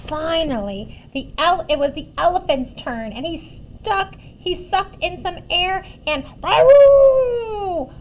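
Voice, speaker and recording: Animated woman reading a picture book to kids. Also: high-pitched, unhurried, few pauses, a little hiss or hum. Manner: animated, asks listeners questions about the pictures. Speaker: children's story reader.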